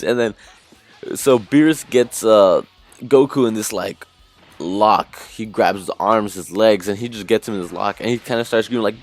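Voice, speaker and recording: A man's voice: lowish voice, moderate pace, soft background music. A man casually recapping an anime episode as a reviewer, rambling with lots of fillers and restarts.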